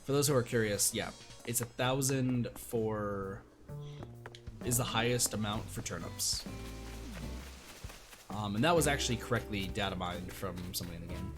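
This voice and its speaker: A man's voice: lowish voice, moderate pace, long pauses, music in the background. A man casually chatting to his viewers while streaming a video game, rambling and thanking chat by name. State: hiccups.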